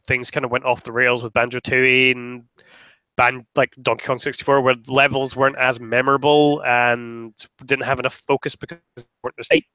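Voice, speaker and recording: Young guy on a gaming podcast, bright dry voice, rambles and restarts a lot. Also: medium pitch, clear, resonant tone, no room sound, rough recording. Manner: rambling, many restarts and fillers. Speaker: podcast co-host. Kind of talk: casual gaming podcast chat.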